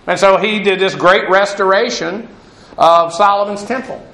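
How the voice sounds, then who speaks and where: A man's voice: sits high, moderate pace, sharp tone. A man giving a verse-by-verse Bible teaching, talking in a discursive way with many restarts and asides. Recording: roomy echo.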